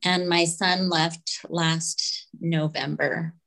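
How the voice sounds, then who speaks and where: A woman being interviewed on a podcast, speaking hesitantly with many ums and soft laughs. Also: sits low, flat delivery, extremely slow, vocal fry, poor audio. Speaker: podcast guest. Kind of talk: casual interview chat.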